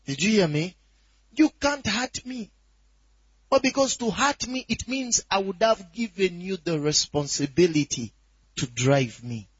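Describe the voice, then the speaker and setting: A man's voice: sits high, expressive, moderate pace, breathy edge, dry recording. Emphatic preacher man, dull lo-fi sound. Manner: emphatic, rising to shouts and quoting scripture with a crying tone. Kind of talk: sermon.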